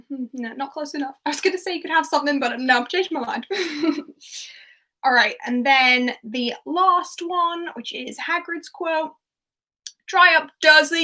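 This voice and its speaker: A woman quiz host runs a livestreamed pub quiz in casual chat, giggling as she reads out viewers' answers. Her voice is high-pitched and a bit bright.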